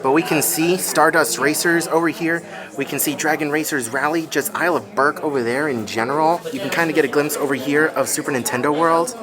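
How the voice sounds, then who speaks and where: A man's voice: a little high, fairly quick, a crowd in the background. A man vlogging a hotel tour, gushing and exclaiming as he shows the rooftop and then a room to viewers. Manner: excitable, gushing, addresses viewers as guys. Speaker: theme park vlogger.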